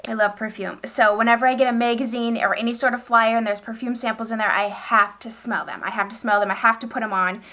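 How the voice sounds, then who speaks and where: A woman's voice: a little high, steady tone, fast talker, hardly any pauses, sharp tone. A young woman with a northern US accent, chatting casually about beauty products in a gushing, rambling way with many fillers. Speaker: beauty vlogger. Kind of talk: casual chat.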